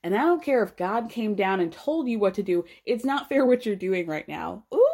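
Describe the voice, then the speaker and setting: A young adult woman hosting a podcast, recapping a reality show in casual, animated chat, swearing freely and mimicking the people she talks about. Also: mid-range voice. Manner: animated, swears freely, mimics cast members in quick asides.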